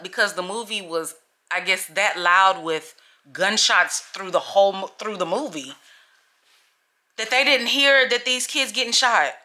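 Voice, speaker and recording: A chatty woman in her thirties talks to her camera at home, her voice bright and forward. She rambles from thought to thought, swears without a second thought and keeps calling her viewers "y'all". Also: medium pitch. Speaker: vlogger. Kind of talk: casual chat to camera.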